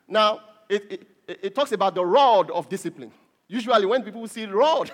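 A middle-aged man preaches with a high, bright voice. His pitch swings widely, leaping up on key words and sinking low on asides. He presses his points home with emphatic repetition. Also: animated, moderate pace. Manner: preachy, rising to emphatic peaks with repeated words. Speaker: pastor. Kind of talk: sermon.

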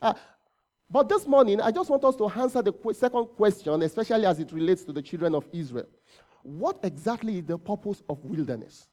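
Guy preaching a sermon, pretty high voice but soft and mellow, chatty, keeps asking the room questions. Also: lively intonation, brisk. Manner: conversational, with rhetorical questions and self-corrections. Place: church service.

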